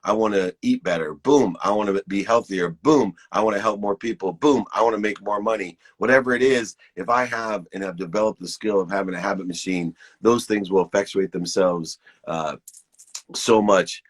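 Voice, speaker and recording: Enthusiastic husky man in his fifties. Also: on the low side, moderate pace. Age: 50s. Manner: enthusiastic, preachy, encouraging. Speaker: motivational speaker hosting a live stream. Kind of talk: upbeat live-stream pep talk.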